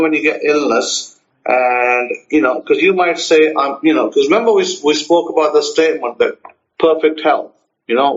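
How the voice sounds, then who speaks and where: Brief: male teacher, fairly high voice, acts out little dialogues, repeats points, slightly muffled recording. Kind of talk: spoken self-help teaching.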